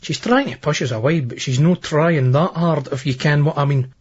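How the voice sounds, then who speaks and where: Scottish man, audiobook narration, husky voice, dull lo-fi recording. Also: fairly high pitch, moderate pace. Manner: crude, coarse dialect storytelling. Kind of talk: first-person novel narration.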